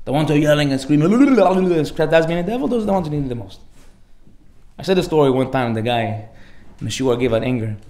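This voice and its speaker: Fast, animated rabbi in an echoey room. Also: male voice, a little high. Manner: animated storyteller, acts out characters with sudden loud outbursts; sprinkles Hebrew and Aramaic terms into casual English. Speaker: rabbi giving a Torah class. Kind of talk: lively informal Torah lecture.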